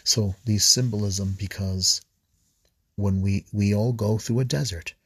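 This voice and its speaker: A man preaching an earnest, repetitive reflection on scripture readings for a podcast, often restarting phrases and clearing his throat. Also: fairly low pitch, fairly even intonation, slow pace, long pauses, no echo, clean studio sound.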